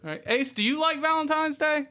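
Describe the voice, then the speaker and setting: Fast lively co-host cracking jokes, bright voice. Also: high voice. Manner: joking, egging on the speaker. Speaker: podcast co-host. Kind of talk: casual podcast chat.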